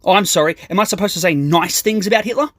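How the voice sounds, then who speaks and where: A man's voice: high-pitched, fast talker, fairly bright tone, no echo, clean studio sound. A man doing an aggressive, profane stand-up comedy rant, mocking and sarcastic.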